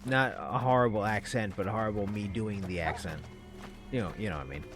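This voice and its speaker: A man's voice: on the low side, a little fast, music in the background. A man giving casual gaming commentary as a streamer, wry and self-deprecating, swearing offhandedly.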